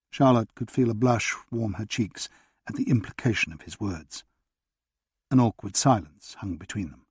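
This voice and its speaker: A man narrating a historical romance audiobook in a measured, even storytelling manner, with a husky voice, in a studio booth. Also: fairly low pitch, no echo.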